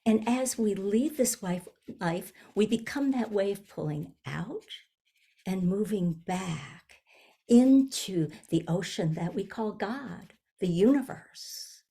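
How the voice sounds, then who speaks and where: A woman in her seventies, a minister giving a gentle, reflective sermon, often pausing and restarting her phrases. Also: mid-range voice, animated, gravelly, slightly rough. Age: 70s. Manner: gentle, searching, with frequent restarts. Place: online service.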